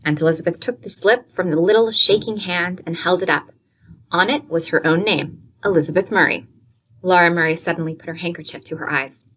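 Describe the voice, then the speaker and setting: A woman reading a classic novel aloud, with steady, clear storytelling. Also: on the low side, fairly quick. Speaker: audiobook reader.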